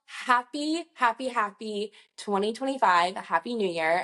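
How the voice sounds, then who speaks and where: A woman's voice: lowish voice, creaky, a bit bright. A woman working as a nurse injector, talking casually to camera in a chatty, reassuring, rambling way. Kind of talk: casual talk-to-camera vlog.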